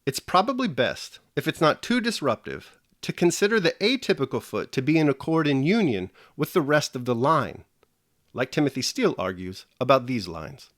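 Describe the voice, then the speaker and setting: A man teaching a scripted video lesson in a lively voice that climbs and dips a lot. He explains each step in a measured way and speaks right to the viewers. The recording is dry and close, with no room sound. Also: medium pitch, dry recording.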